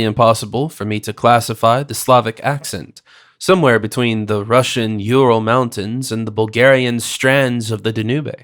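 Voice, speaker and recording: A man's voice: mid-range voice, steady tone, moderate pace, a bit bright. A man giving formal, scripted first-person narration of a period mystery audiobook.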